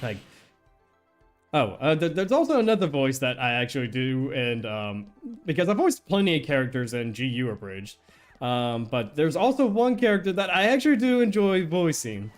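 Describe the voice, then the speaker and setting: Rambling, animated male game streamer. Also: a little high, normal speed, faint music behind. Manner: rambling, laughs often, restarts sentences. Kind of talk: casual gameplay chat.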